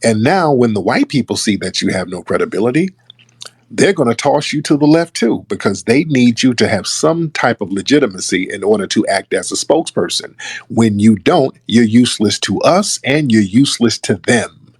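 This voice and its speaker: A man's voice: mid-range voice, expressive, moderate pace, breathy edge, no echo. A man giving casual political commentary, emphatic and scornful. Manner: emphatic, scornful, mimics others. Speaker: online commentator.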